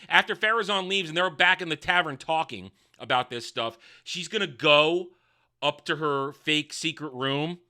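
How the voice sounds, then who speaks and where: Male reviewer, sarcastic rambling rant, high voice, very bright and tense. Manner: sarcastic, rambling, swings from loud to mumbling. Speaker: online show reviewer. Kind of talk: casual ranting review.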